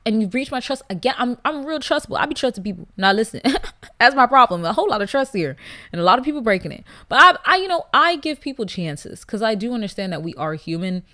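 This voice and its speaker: Profane animated woman podcast host. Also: fairly high pitch, fast. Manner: blunt, profane, animated with loud laughing outbursts. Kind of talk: casual podcast chat, reading listener stories.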